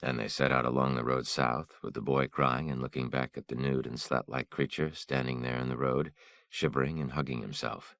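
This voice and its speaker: A man narrates an audiobook in a measured, somber way. His voice is extremely deep and gravelly, recorded close and dry. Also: fairly even intonation, a bit bright, no echo.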